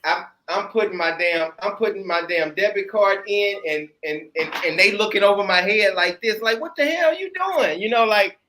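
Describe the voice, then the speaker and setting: A man's voice: sits high, steady tone, moderate pace, few pauses, pushed and bright, slight background noise. A man chatting casually and bluntly, with slang and loose swearing. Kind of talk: casual chat. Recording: echoey room.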